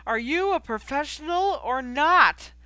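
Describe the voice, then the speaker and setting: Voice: high voice, expressive, a little slow, dry recording, pitched above the performer's own voice, heavily acted. A reader voicing an enraged male team captain who bellows at a player in an audiobook reading. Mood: furious. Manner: shouting, bellowing orders.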